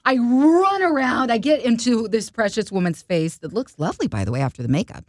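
Expressive woman co-host, lively voice. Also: fairly high pitch, a little fast, dry recording, studio quality. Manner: expressive, laughs often. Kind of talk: casual storytelling chat.

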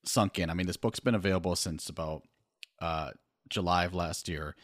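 A man guesting on a podcast as an author, chatting in a relaxed, rambling and self-deprecating way. His voice sits fairly low. The sound is dry and close. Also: moderate pace, no room sound. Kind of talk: casual podcast chat.

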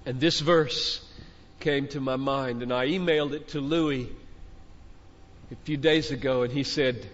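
Speaking at a measured pace with medium pitch and fairly even intonation, a middle-aged man preaches passionately from a stage and drives his message home through repetition. The large conference hall adds a long reverb to a dull-sounding recording.

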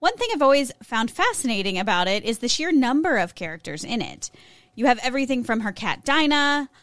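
A woman's voice: fairly high pitch, fairly bright tone, dry recording. A woman co-hosting a podcast, reading a prepared segment in a casual way, with small slips and self-corrections. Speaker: podcast co-host presenting a segment.

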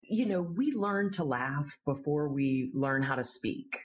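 A woman's voice: low-pitched, lively intonation, slow. Friendly woman laughter yoga teacher. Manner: friendly, explanatory, laughs easily. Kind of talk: interview answers.

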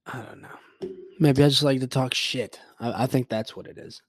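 A man with a mid-range voice speaks at a moderate pace in a dry recording. He's hosting his own podcast, rambling through a casual solo rant, swearing freely and poking fun at his own grumpiness.

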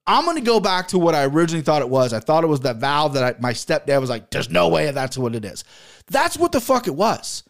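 A man's voice: on the high side, sing-song, fast talker, few pauses. Profane man ranting a story. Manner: profane, exasperated rant. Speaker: podcast host. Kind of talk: casual storytelling.

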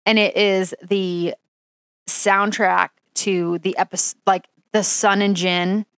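A woman's voice: mid-range voice, flat delivery, slow, clean tone, no echo, studio quality. A young woman co-hosting a podcast, telling a long personal story in casual chat, full of "like". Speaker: podcast co-host.

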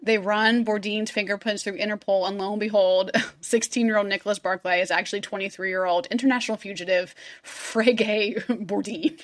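A woman's voice: medium pitch, steady tone, normal speed, hardly any pauses. A woman co-hosting a casual podcast, retelling a story in a chatty way with lots of "like" and acted-out quotes. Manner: chatty storyteller, heavy 'like', acts out quotes, laughs often. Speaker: podcast co-host telling the story. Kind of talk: casual true-crime chat.

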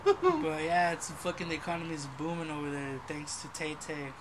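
A young man co-hosting a podcast in casual chat, loud and profane, laughing often. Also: fairly high pitch, very animated, moderate pace, noisy background. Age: young adult. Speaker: podcast co-host.

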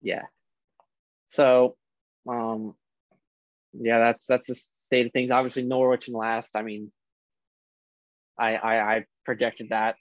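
A man's voice: medium pitch, level tone, dry recording. A man co-hosting a laid-back sports chat, reading off league tables with plenty of ums and restarts. His voice sits in a middle register. The recording is dry and a bit dull and lo-fi. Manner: reads standings in a halting way with fillers. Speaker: sports podcast co-host.

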